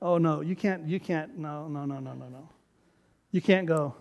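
Emphatic high-voiced pastor preaching. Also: male voice, normal speed, a little mellow. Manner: emphatic, urges the congregation to repeat after him. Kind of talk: sermon. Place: church sanctuary. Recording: long hall reverb of a church sanctuary.

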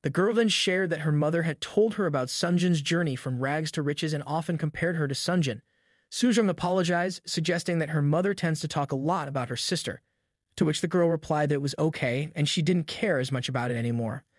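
Male recap narrator, slightly high voice, even delivery, dry studio sound. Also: a little fast, no echo. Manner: even, steady retelling in third person. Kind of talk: scripted story recap narration.

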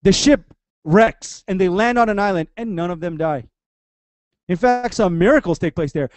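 High-voiced man preaching casually. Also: normal speed, dry recording. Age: 30s. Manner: chatty and joking, acts out voices of the story. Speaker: pastor. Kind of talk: casual sermon.

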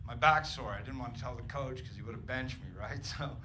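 A middle-aged man doing a profane stand-up comedy set in a club, ranting with loud punchlines. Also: medium pitch, brisk. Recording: noisy live club recording. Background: audience laughter.

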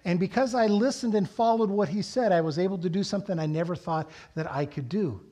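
A middle-aged man preaching a sermon in a church, telling a personal story with animated, rising emphasis. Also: high-pitched, a little fast. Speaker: pastor. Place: church sanctuary.

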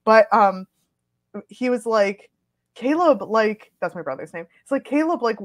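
A woman's voice: mid-range voice, lively intonation, a little slow. Rambling, laughing young woman storyteller. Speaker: guest, podcaster and author. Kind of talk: casual chat on a live stream.

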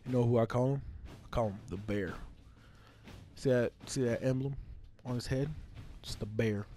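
A man giving casual live commentary over his own gameplay, trash-talking in a profane, excitable way with sudden yells. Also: medium pitch, moderate pace, soft background music.

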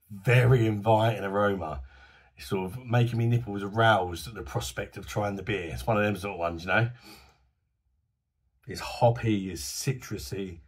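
A man talks through a beer review in a chatty, enthusiastic, slangy way. His voice is husky and a bit hoarse, sitting on the lower side. It sounds like he is recording on a phone camera.

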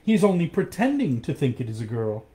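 A man's voice: a little high, big pitch swings, fast, mellow. A man voicing Claire, a bold young woman. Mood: sly.

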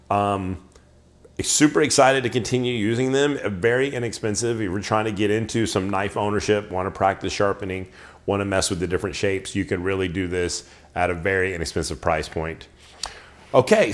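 A man hosting a show, giving a casual, chatty product review full of ums and restarts. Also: fairly low pitch. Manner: chatty, filler-heavy, restarts sentences.

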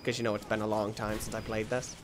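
A man hosting a gaming channel, giving excitable let's play commentary that swings into yelps and shouts when frustrated, often mocking himself. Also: on the low side, quick pace, noisy background.

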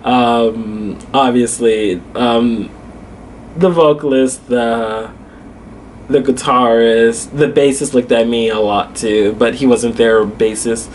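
A man's voice: medium pitch, steady tone, slow pace, slight background noise. A young man vlogging casually, telling a story with lots of fillers and frequent laughter.

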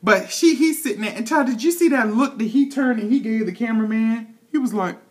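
A woman's voice: fairly high pitch, a little fast. Sassy, dishy woman gossiping. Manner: sassy, dishy, swears a lot, calls the viewer "child" and "honey". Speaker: TV show reviewer. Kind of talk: casual gossipy recap vlog.

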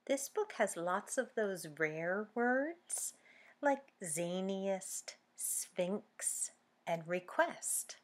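A woman leading a children's library storytime, reading picture books and singing with the children. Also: mid-range voice. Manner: slow, sing-song and animated.

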